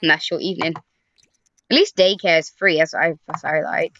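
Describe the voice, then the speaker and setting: A woman's voice: low voice, fairly even intonation, brisk, fairly bright tone, highs cut off, a little hiss or hum. A young woman giving casual let's-play commentary, chatting to the characters in her game with sighs and groans. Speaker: gaming YouTuber. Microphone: desk microphone.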